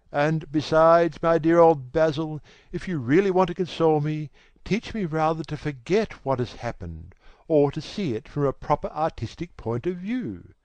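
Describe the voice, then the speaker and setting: A man's voice: fairly high pitch, no room sound, pitched above the performer's own voice. Vain, cold young gent, a male reader's character voice, lilting and dry, languid and dismissive. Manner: languid, self-assured, dismissive. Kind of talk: audiobook character voice.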